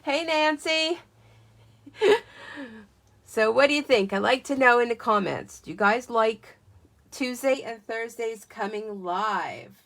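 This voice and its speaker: A woman's voice: a little high, a little slow, a bit bright. An American woman with a Southern accent hosting a crafting livestream from home, chatting casually and greeting viewers by name as she talks into a tablet. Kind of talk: casual live-stream chat.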